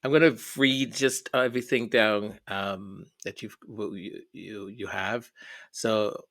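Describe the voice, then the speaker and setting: Slow, emotional man reading viewer comments. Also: fairly low pitch, fairly even intonation, vocal fry, a bit bright. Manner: emotional, hesitant, repeats words. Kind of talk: casual chat.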